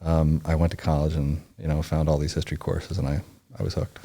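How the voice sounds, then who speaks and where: A man in his forties from Indianapolis, a guest on a podcast interview, telling his own story in a halting, rambling way with many restarts. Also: rumbling low, little pitch movement, gravelly, mellow, slightly rough. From Indianapolis, United States. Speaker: podcast guest, former Navy SEAL and historian.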